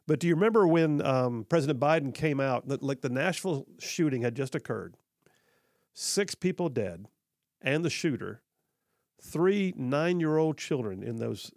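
A man's voice: medium pitch, darkish tone, no room sound, clean studio sound. A man hosting a talk radio show, giving opinionated political commentary and repeating his points for emphasis.

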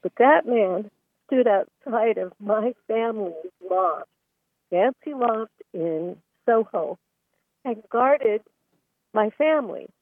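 A woman's voice: fairly high pitch, lively intonation, takes it slowly, no echo. A woman calling in to a radio talk show, telling an earnest, emotional story. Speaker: caller. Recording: tinny phone line, dry.

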